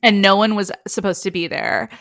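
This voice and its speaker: A woman's voice: medium pitch, brisk, vocal fry, no echo, studio quality. A woman co-hosting a podcast in casual chat, retelling a romance novel's plot and acting out the characters' lines. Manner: animated storytelling, acting out character quotes. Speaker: podcast co-host.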